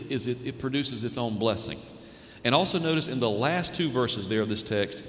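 A pastor delivers his sermon at an ordinary pitch, earnest and searching, and he often restarts his phrases mid-thought. His voice carries a long reverb through a roomy sanctuary. A faint low rumble runs underneath. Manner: earnest preaching with frequent restarts and rhetorical questions. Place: church sanctuary. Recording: echoey hall with faint noise.

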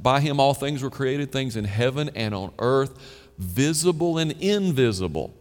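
A man delivers an earnest sermon, reading scripture passages aloud with emphasis. His voice sits at an ordinary middle pitch. The sound carries a long reverb, as in a church sanctuary. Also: lively intonation, moderate pace. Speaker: pastor.

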